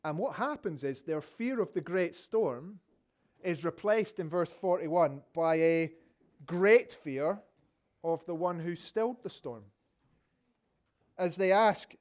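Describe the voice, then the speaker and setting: Scottish pastor with a higher voice. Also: male voice, animated, takes it slowly. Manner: vivid storytelling with rhetorical questions. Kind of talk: sermon.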